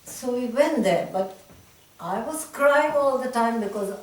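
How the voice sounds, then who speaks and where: An older woman from India reminisces in conversation as an interviewee, an animated storyteller who laughs often and retells memories in a lively way. Her voice is fairly high and a little slow, recorded in a talk room at a centre with echo, a distant mic and faint hiss.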